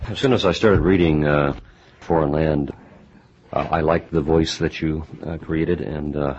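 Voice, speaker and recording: A male radio host interviews an author in a very deep, husky voice. He asks his questions in a measured way and pauses often. The sound is dull and muffled. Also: steady tone, a little mellow. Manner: measured, hesitant with frequent uhs. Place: New York radio studio.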